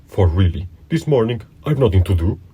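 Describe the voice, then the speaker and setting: A man voicing a cunning old dog in a storybook reading, loud and blustering. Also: lowish voice, sing-song, brisk, slightly rough, full character voice.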